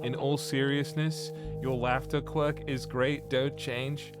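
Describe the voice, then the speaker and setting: A man's voice: mid-range voice, little pitch movement, takes it slowly, few pauses, over loud music. A young man chatting casually on a live stream while he plays, rambling and breaking into giggles. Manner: giggly, keeps breaking into laughter; rambling, self-interrupting. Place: home room.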